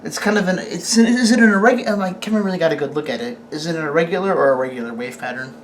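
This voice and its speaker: On camera, a host reviews a sword in a loose, wandering way, keeps restarting sentences, and throws questions at the person filming. The voice sits in the mid range, with a faint hiss or hum underneath. Delivery is rambling and halting.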